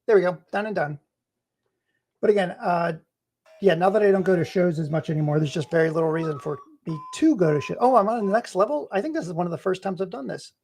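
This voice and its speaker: Gravelly, husky middle-aged man, hiccuping, rambling live-stream gamer chat. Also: sits high, fast, a little mellow. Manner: rambling and chatty, laughs often. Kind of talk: casual live-stream chat while gaming.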